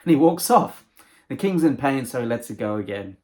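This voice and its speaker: A male motivational speaker tells a moral story, his voice rising and dropping with animated energy. He narrates with warmth for effect and lands a lesson for entrepreneurs. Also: mid-range voice, a little fast. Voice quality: lively, animated delivery.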